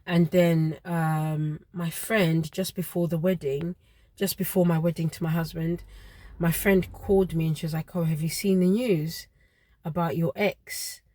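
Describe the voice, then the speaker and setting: A woman's voice: lowish voice, steady tone, warm tone, dry recording. Earnest woman telling a personal story. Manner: earnest, emotional retelling with pauses.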